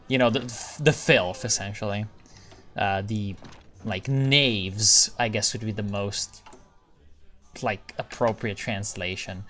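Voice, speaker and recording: A man's voice: lowish voice, fairly even intonation, slow, a bit bright. Rambling man commenting on gameplay. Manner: rambling, self-interrupting, thinking aloud. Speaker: gaming video creator. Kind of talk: casual strategy gameplay commentary.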